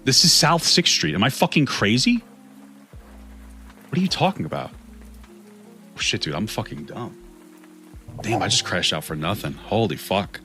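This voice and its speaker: A man's voice: fairly low pitch, sing-song, moderate pace, pauses often, bright, forceful tone, faint music behind. A man streaming, swearing through an angry rant and later talking through an apology. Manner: angry, profane ranting with mocking voices. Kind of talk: livestream rant and apology video.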